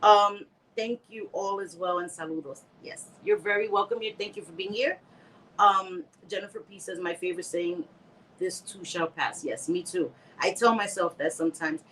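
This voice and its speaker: A woman's voice: on the low side, moderate pace, a bit bright, a little hiss or hum, poor audio. A middle-aged woman hosting a casual livestream from home on a close phone mic, laughing often, reading comments aloud and dropping in Spanish words. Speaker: livestream host.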